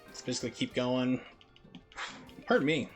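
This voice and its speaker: A man's voice: mid-range voice, normal speed, soft background music. A young man chatting casually and rambling while he plays through a speedrun on a live stream. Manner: rambling, heavy on "like" fillers.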